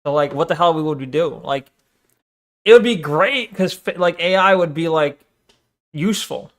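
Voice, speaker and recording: A man's voice: fairly high pitch, normal speed. Rambling male streamer, casual. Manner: rambling, many fillers and restarts. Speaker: streamer reacting to videos. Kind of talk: casual live-stream chat.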